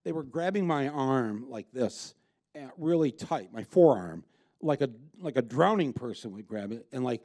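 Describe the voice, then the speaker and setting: Blunt, emphatic man speaking onstage, mellow tone. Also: mid-range voice, expressive, normal speed. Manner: blunt, emphatic, profane, with frequent restarts and fillers. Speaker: filmmaker guest. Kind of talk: onstage conversation before an audience. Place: live event with an audience.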